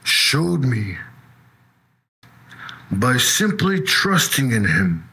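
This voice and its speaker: A man giving a personal testimony in a halting, conversational way, often adding "you know" or "eh". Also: medium pitch, big pitch swings, bright, forceful tone, breathy edge, poor audio.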